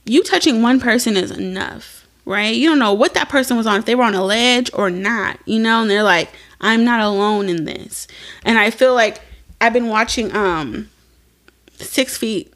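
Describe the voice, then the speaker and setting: Young woman cohost, kinda high voice, blunt and lively, cusses a lot. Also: moderate pace. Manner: candid and animated, swears freely, lively quoting. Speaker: podcast co-host. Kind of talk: casual chat.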